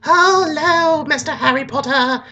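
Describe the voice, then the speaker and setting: Sly high-voiced snake, airy, as a man puts it on. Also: a little slow, sharp tone, dull audio, exaggerated voice. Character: talking snake, hissy and sly.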